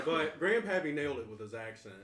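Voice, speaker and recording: A man's voice: fairly high pitch, reverberant. A man hosting a casual podcast debate, rambling as he explains rules and laughs between points. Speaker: podcast host, quiz moderator.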